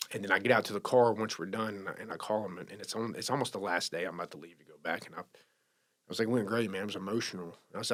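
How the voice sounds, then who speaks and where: Low-voiced man telling a story. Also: fairly bright tone. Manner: emotional, halting, many restarts. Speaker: podcast guest sharing recovery story. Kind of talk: casual storytelling.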